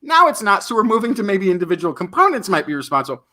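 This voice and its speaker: Lively, playful podcast co-host, man. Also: high-pitched, fast. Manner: playful, rambling speculation with jokey asides. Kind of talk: casual science chat.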